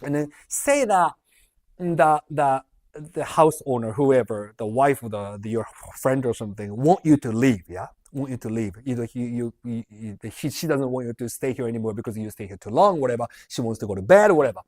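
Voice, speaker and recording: A man's voice: mid-range voice, fairly quick, darkish tone. Chatty man hosting a livestream Q&A. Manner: chatty, rambling, reads viewer questions aloud and laughs. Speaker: livestream host answering viewer questions. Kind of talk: casual livestream Q&A.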